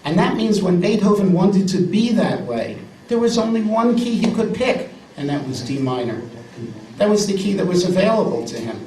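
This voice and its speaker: A man's voice: high-pitched, very animated, normal speed, a little mellow, slight background noise. Emphatic man lecturing in a roomy hall. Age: 50s. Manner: emphatic, repeats words for effect, jokey asides. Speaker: lecturer and pianist. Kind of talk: live music lecture with piano examples. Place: salon lecture room indoors. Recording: roomy, distant live recording with piano.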